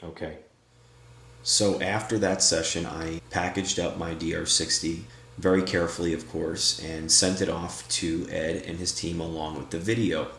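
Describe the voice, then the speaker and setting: A man with a very deep voice narrates a paranormal vlog at a slow, deliberate pace, at times calling out to unseen guides. The sound is echoey and roomy, as if recorded in a bare room. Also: level tone, a bit bright, a little hiss or hum. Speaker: paranormal investigator. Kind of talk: vlog narration and spirit session.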